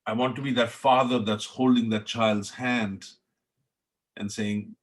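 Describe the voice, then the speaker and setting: This middle-aged man from India, a chef with an Indian accent, is unhurried, his medium-pitched voice keeping a fairly even intonation. As a podcast guest he recounts his story reflectively, with earnestness and passion.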